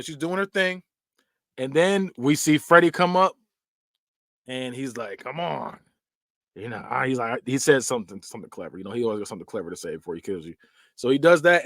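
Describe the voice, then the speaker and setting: A podcast host with a fairly high-pitched voice recaps film scenes casually, recorded dry in clean studio sound. He's animated and loose, full of fillers, acting out scenes with yelps, screams, and quoted voices.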